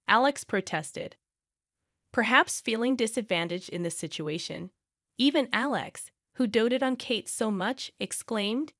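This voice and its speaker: Woman reading a first-person drama story, kinda high voice, super dry close sound. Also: lively intonation, measured pace, fairly bright tone, no echo. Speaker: narrator.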